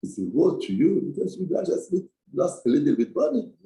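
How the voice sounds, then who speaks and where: A man's voice: fairly high pitch, wildly swooping pitch, brisk, gravelly, dark tone, reverberant, exaggerated voice, rough recording. Man voicing a scolding God. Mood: rebuking. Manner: exasperated rebuke. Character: God, stern, scolding, all-powerful.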